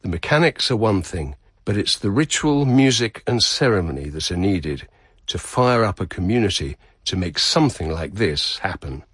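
A man narrating a radio feature in a measured, descriptive way. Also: sits low, sing-song, a bit bright, husky, dry recording, clean studio sound. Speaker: radio reporter.

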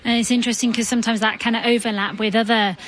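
A woman's voice: fairly high pitch, flat delivery, fast, a bit bright. A woman presenting a radio discussion, guiding the guests with inviting questions.

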